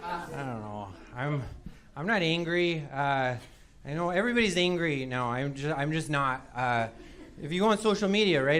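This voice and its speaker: A man's voice: on the high side, animated, normal speed, a little hiss or hum. A man doing a stand-up set on a club stage, goofy and self-deprecating, acting out short bits of dialogue. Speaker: stand-up comedian. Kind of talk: stand-up set before a live audience. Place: comedy club stage with loud laughing crowd. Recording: live club audio with loud crowd laughter.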